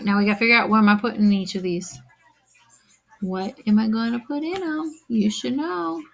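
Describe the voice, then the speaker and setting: A woman's voice: mid-range voice, poor audio. A woman teacher recording a math lesson, speaking straight to her students, counting aloud and checking that they follow.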